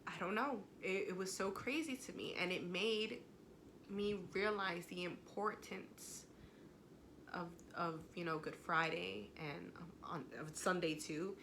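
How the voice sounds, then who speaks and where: A woman's voice: on the low side, measured pace, a bit bright, a little hiss or hum. A young woman telling viewers a personal faith story at home, emotional and conversational, speaking to them directly. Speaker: vlogger.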